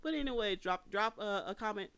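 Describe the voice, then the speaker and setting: An emphatic vlogger talks through opinions in casual commentary, circling back and repeating phrases to press a point. The voice comes across smooth and clear. The sound is dry and close, with no room around it. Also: medium pitch, expressive, a little fast, fairly bright tone, no room sound.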